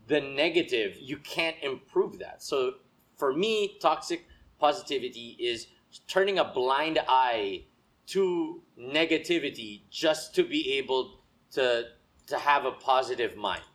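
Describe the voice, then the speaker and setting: A man's voice: medium pitch, expressive, slow pace, a bit bright. A young man, co-hosting a casual chat in a rambling, hesitant way. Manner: rambling, self-doubting, hesitant. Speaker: podcast co-host.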